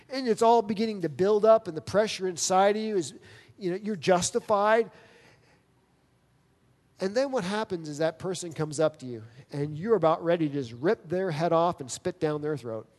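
Pastor, male, slightly high voice, earnest emphatic sermon delivery, long hall reverb. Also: expressive, darkish tone. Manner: earnest, emphatic preaching with dramatic pauses.

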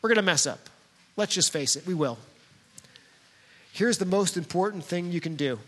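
A man's voice: high-pitched, animated, normal speed, fairly bright tone. A man preaching a sermon as a pastor, talking straight to the congregation in a conversational, storytelling way. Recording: long hall reverb.

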